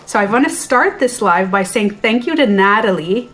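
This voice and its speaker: A middle-aged woman hosting a casual live stream from her den at home, slightly out of breath, chatting to viewers and reading their comments as she goes, with soft music playing behind her. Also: medium pitch, lively intonation, moderate pace. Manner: chatty, self-interrupting, talks to viewers and reads their comments.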